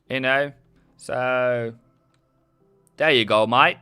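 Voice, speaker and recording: Bright, chatty Norwegian-accented man. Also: mid-range voice, measured pace, clean tone, dry recording, studio quality, faint music behind. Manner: joking, chatty, reads chat aloud. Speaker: trading live-stream host. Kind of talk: casual live-stream commentary.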